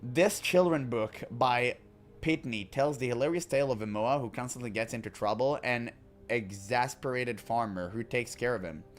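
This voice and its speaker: A man casually reading in-game books aloud and joking between passages, with faint music behind him. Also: mid-range voice. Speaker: gaming commentator.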